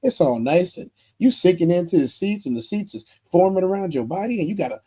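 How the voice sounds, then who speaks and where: A man with a husky, breathy voice tells an animated story on a podcast panel, acting out little scenes as he goes. The sound is muffled and a little lo-fi, like a casual chat recording. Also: high-pitched, fairly quick. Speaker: podcast co-host.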